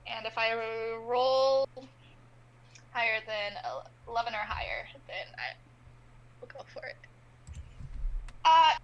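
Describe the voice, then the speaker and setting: A woman's voice: a little high, slow, pauses often, slight background noise, low-quality recording. A woman playing a tabletop roleplaying game, earnest and pleading in character. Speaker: player.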